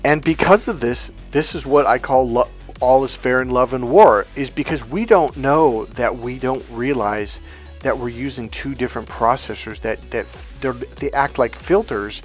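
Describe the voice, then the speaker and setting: A man's voice: medium pitch, normal speed, soft background music. A man working as a dating coach, talking through ideas and a client story in an emphatic, swearing manner.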